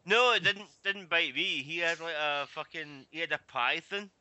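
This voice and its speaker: Sweary, bright-voiced ranting man. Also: fairly high pitch, moderate pace. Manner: profane, ranting storyteller. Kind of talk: casual chat.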